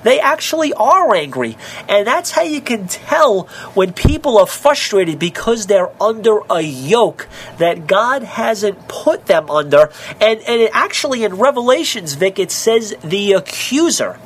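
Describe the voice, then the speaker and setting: A man's voice: high voice, expressive, unhurried, breathy edge. A middle-aged man, a minister, preaching in an earnest, conversational way and telling stories as he speaks to the host. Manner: earnest and storytelling, addresses the host by name. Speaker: minister and guest.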